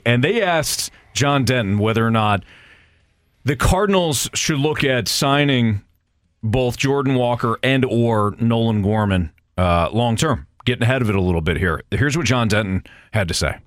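A man's voice: on the low side, animated, moderate pace, no room sound, studio quality. A man hosting a sports radio show, bantering with his co-host and reading sponsor lines in a casual, upbeat way.

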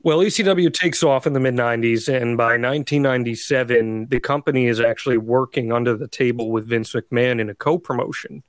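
Male interviewer who asks measured questions, recorded dry and close, with mid-range pitch. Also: no echo. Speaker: podcast host. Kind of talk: interviewer, casual.

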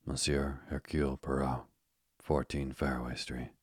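A dazed, exhausted stranger, read by a man in an audiobook. He speaks in a flat, mechanical way with no rise or fall. The voice is extremely deep, close and dry. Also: a little slow, slightly rough, no echo, heavily acted. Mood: vacant.

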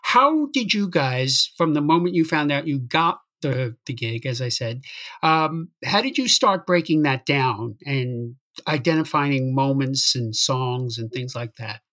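A theater producer hosting a relaxed interview, telling anecdotes and asking about the writing of songs. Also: mid-range voice, a little slow. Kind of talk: casual interview chat.

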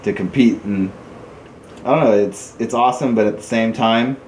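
Relaxed male storyteller in an echoey room. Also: moderate pace. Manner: animated storyteller, jumps high when quoting people. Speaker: podcast guest, paintball player. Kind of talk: casual storytelling chat. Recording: echoey room with faint noise.

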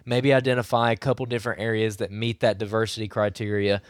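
A man, slightly hoarse from losing his voice, giving rambling, coaching advice as a podcast co-host. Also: fairly low pitch, flat delivery, fast talker, no echo, studio quality. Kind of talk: casual podcast chat.

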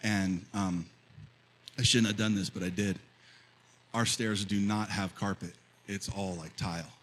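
A man in his fifties preaching a sermon as pastor, telling a story and then rising to loud, fervent preaching. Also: on the low side, fairly even intonation, measured pace, slight background noise, poor audio. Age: 50s.

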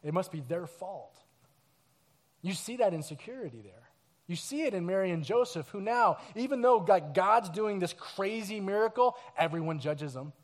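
Guy pastor telling a story at christmas eve service, kinda high voice, lots of acting out. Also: normal speed. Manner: storytelling, animated, acts out scenes and quotes. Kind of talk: sermon.

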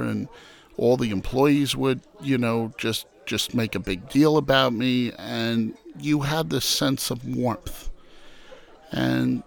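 Gravelly man telling family stories. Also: medium pitch. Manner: animated storyteller who acts out quoted voices. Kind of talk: casual storytelling interview.

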